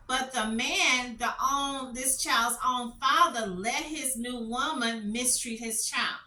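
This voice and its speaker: A woman's voice: fairly high pitch, takes it slowly, sharp tone, roomy sound, distant mic. A middle-aged woman telling stories as a commentary vlogger, passionate and repetitive, full of rhetorical questions. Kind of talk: emotional storytelling commentary.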